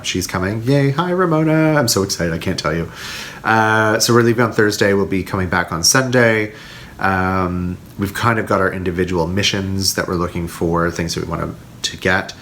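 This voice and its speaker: Low-voiced man chatting about knitting. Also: a bit bright, a little hiss or hum. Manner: chatty, rambling with frequent fillers. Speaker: knitting podcast host. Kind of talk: casual chat to camera.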